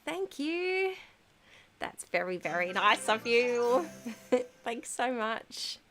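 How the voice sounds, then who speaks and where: A woman's voice: a little high, sing-song, slow pace, fairly bright tone. A woman in her thirties chatting casually on a live stream, reading out viewers' messages with frequent ums and giggles. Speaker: livestream host reading chat.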